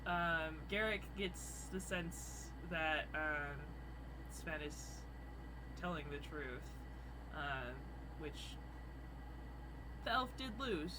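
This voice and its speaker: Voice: mid-range voice, animated, drawn-out words, pauses often, background noise. A game master narrating a tabletop game with rambling, filler-heavy narration.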